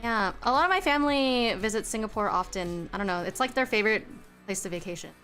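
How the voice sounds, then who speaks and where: A woman streamer chats casually with her viewers while she draws. She answers the chat aloud and laughs often, in a voice of middling pitch for a woman. Faint music plays quietly behind her. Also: lively intonation, quick pace.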